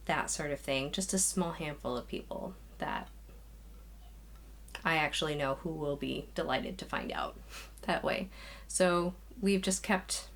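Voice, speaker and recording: A young woman chatting casually to camera from a small craft room at home, a little out of breath, rambling with sighs and restarts. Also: sits low. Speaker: knitting podcast host. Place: small spare room used as a craft nook. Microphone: camera, moving in and out of frame.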